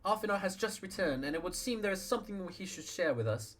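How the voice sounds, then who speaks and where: A man's voice: high voice, lively intonation, fast, fairly bright tone, a little hiss or hum, voice pushed up. A man doing a gracious young woman leader. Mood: gentle. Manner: formal old-fashioned speech.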